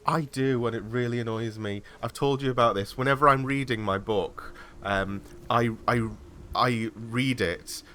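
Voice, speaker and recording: A man's voice: medium pitch, unhurried, sharp tone. A man streaming a video game, chatting casually and joking as he reacts aloud to what happens on screen. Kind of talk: casual gaming chat. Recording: live stream with faint noise.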